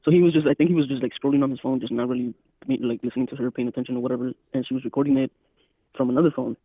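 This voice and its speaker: Male co-host, gravelly voice, relaxed explainer, thin phone-like recording. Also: mid-range voice, rapid-fire, no echo. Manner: checks if he is understood, laid-back. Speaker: podcast co-host. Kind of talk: casual chat.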